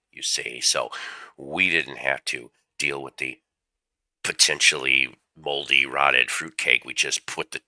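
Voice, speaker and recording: A man's voice: very deep voice, sharp tone, no echo. A man, fighting a cold, hosting a casual livestream and rambling through stories with jokey asides. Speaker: livestream host. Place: home room with his cat.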